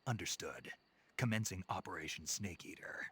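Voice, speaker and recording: An actor playing a gruff, terse male soldier spy in a video game, with a gravelly voice. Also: deep voice, lively intonation, moderate pace, fairly bright tone, a little hiss or hum.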